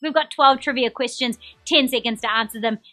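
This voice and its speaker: A young woman with a New Zealand accent hosts a live trivia stream, chatty and upbeat as she reads out viewers' comments. Her voice sits high and sounds bright and sharp. Soft music plays faintly behind her. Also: fairly quick. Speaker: quiz show host.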